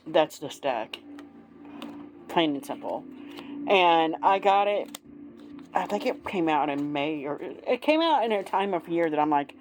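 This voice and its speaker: A woman's voice: low voice, a little hiss or hum, poor audio. A woman chatting casually in a tarot video, gushing and chatty with many fillers and restarts. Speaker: tarot vlogger. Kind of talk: casual show-and-tell.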